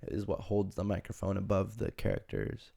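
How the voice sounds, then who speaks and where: A young man hosts a podcast in a relaxed, chatty way. His voice sits low with a gravelly fry. He tells stories with animated energy and laughs easily along the way. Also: normal speed. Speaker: podcast host. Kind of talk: casual storytelling chat.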